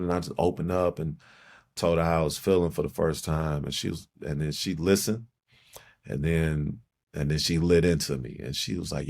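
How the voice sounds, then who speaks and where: Podcast guest: middle-aged Chicago man, very low voice, reflective and halting, repeats phrases. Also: creaky, a little mellow. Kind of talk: personal storytelling in conversation.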